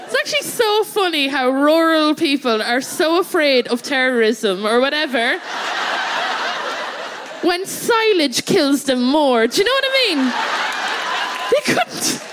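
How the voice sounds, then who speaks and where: A woman's voice: sits high, big pitch swings, measured pace, noisy background. An Irish woman doing comic storytelling on stage, chatty and laughing through her own tale, checking in with "right?" as she goes. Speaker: comedian and guest co-host. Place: theatre stage before a live audience.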